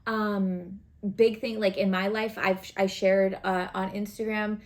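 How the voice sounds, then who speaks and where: A woman with a mid-range voice gives a casual tarot reading to camera, speaking a little slowly with flat delivery. She's chatty and earnest, encouraging like a coach, and keeps checking in with "right?" and "okay?"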